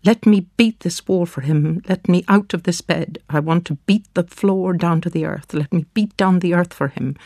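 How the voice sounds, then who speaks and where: A grief-stricken mother in her bed, shrill and pleading, her words tumbling out faster as she accuses and then breaks down, as a storybook reader puts her on. The voice carries a gravelly rasp. It sits dry and close, with no room around it. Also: a little mellow, dry recording, lightly acted. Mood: anguished. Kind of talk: dramatic storybook reading.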